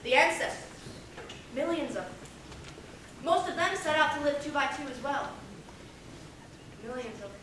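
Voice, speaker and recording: A woman's voice: high-pitched, expressive, moderate pace, pauses often, a bit bright. A woman playing a small-town minister who muses dryly and officiates a wedding, in a stage play. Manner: dry, musing, reflective. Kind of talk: stage acting. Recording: echoey hall, distant mic, noisy.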